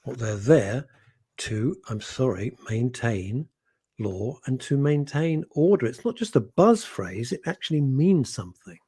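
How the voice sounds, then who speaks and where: Brief: male radio co-host with a husky, mellow tone and a wry, rambling delivery. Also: medium pitch, big pitch swings, measured pace. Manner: rambling, wry, loses his thread. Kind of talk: casual radio chat.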